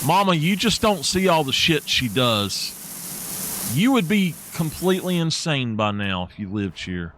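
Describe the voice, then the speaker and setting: A man's voice: a little high, big pitch swings, unhurried, fairly bright tone, slight background noise. A man, chatting while live-streaming a game and venting in an exasperated way.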